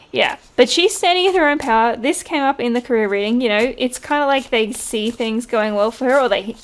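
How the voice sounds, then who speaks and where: A woman giving a casual tarot reading, chatty and quick to laugh. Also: fairly high pitch, a little hiss or hum. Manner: chatty, laughs often, mimics voices in quotes. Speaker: tarot reader.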